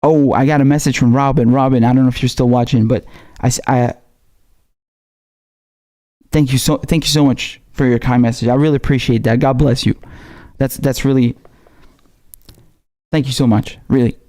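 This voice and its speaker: Raspy-voiced man chatting on a livestream. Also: medium pitch, fairly even intonation, warm tone. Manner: casual and slangy, halting, reading out viewer messages. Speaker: livestream host. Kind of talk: casual live-stream chat.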